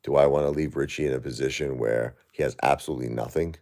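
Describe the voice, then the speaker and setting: A middle-aged man live-streaming while grieving, talking to his chat in halting, repetitive, emotional bursts. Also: a bass voice, steady tone, a little mellow.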